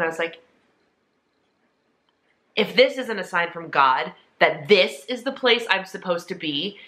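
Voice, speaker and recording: Earnest woman in her thirties, bright voice. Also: on the low side. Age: 30s. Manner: earnest, emotional, talks to viewers directly. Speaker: vlogger. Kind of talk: casual chat.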